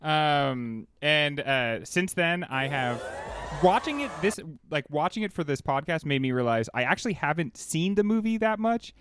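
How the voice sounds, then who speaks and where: A man's voice: a little high, lively intonation, moderate pace, fairly bright tone, smooth. A man co-hosting a podcast in casual chat, giggly and enthusiastic. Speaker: podcast co-host.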